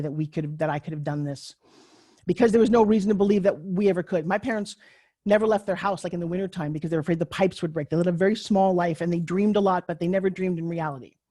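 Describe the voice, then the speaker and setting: A woman in her sixties giving a live online class as a pitch coach, in a chatty, joking, candid storytelling way over a video call. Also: fast, dark tone, no room sound, clean studio sound. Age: 60s.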